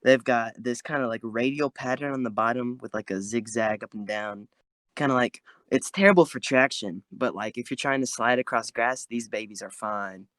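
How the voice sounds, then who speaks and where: A man's voice: medium pitch, moderate pace, a bit bright, no room sound. A man chatting casually with friends on a podcast, rambling with lots of fillers, talking from his closet. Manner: rambling, many "like" and "um" fillers, playful. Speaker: podcast co-host.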